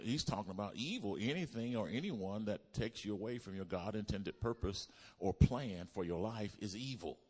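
A pastor preaching a sermon to his congregation, asking them to repeat lines back and building up to loud exclamations. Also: on the low side. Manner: call-and-response preaching, builds to shouts. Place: church.

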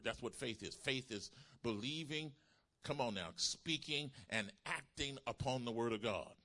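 Guy preaching a sermon, bright sharp voice, gets loud n emphatic with the crowd. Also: mid-range voice. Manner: preaching that builds to loud, emphatic calls to the congregation.

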